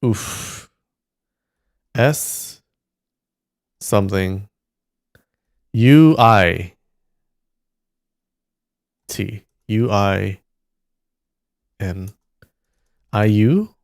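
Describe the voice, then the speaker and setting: A man streaming live, thinking aloud and slowly sounding out syllables as he works through a word puzzle. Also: lowish voice, vocal fry, no room sound, clean studio sound. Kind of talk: casual muttering while solving a word puzzle.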